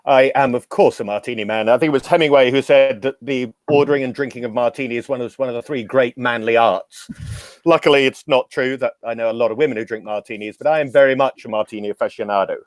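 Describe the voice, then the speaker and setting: A man's voice: mid-range voice, fast talker, dry recording. Dry-voiced man telling wry anecdotes. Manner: expansive, anecdotal, wry humor. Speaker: podcast guest, drinks educator. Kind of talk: casual storytelling interview.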